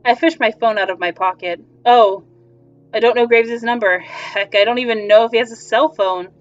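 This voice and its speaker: A woman reading a visual novel aloud, with expressive, self-deprecating asides, on a slightly dull lo-fi recording with faint music behind. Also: a little high, normal speed. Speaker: game player and reader.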